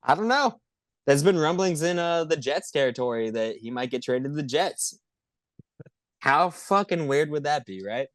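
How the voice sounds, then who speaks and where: A man co-hosting a podcast, chatting casually about football in an excitable, profane, rambling way. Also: on the high side, normal speed, dry recording, clean studio sound. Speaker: podcast co-host. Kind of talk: casual sports chat.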